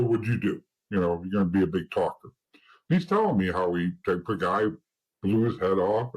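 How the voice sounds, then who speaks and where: A lowish, darkish male voice with a breathy edge comes through a rough recording. He's a middle-aged former informant being interviewed, recounting his story in a blunt, profane way and acting out past conversations.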